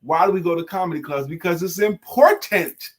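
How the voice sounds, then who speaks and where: A middle-aged American man co-hosts a live online talk show, keeping the casual chat lively and playful in a high-pitched, slightly fast voice.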